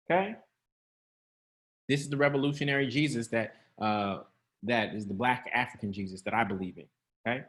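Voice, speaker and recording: A male preacher delivers a sermon to an online congregation in a loose, conversational way. He laughs often and keeps calling out to his listeners. His pitch sits in a middle range for a man. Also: fairly quick, pauses often, a bit bright. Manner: conversational, laughing, calls out to the audience.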